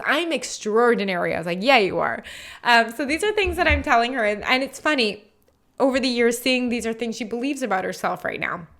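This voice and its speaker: A woman's voice: a little high, fairly bright tone. A woman in her thirties hosting a solo podcast, talking earnestly and encouragingly, with frequent "like" and "right?". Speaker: podcast host.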